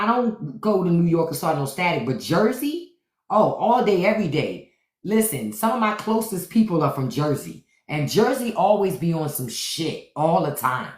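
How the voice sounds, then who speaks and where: Middle-aged woman from dc, low voice, swoops up and down, cussing storyteller on a live stream. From Washington, DC. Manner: animated, profane storytelling with acted-out quotes. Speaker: podcast host on a live stream. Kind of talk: casual livestream chat. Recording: roomy echo.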